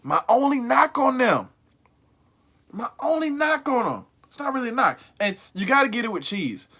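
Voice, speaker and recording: A man giving a casual, emphatic fast food burger ranking, slangy and profane, often repeating himself. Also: very high-pitched, sing-song, sharp tone. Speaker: food reviewer vlogger.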